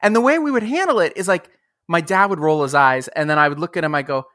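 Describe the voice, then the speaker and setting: A man's voice: fairly high pitch, fast, no room sound, clean studio sound. Enthusiastic man hosting an interview. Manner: animated storyteller, enthusiastic. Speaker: podcast host. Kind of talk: casual interview chat.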